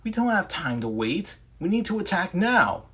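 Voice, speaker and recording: A man's voice: high voice, very animated, moderate pace, bright, forceful tone, voice pushed up, heavily acted. A man voicing a young male superhero team leader, talking in an urgent, insistent way.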